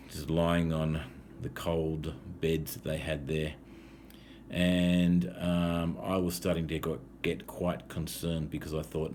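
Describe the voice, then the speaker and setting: Deep-voiced Australian man telling a story. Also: dark tone, a little hiss or hum. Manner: easygoing, frequent "um" fillers. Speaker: English teacher. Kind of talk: casual storytelling for language learners.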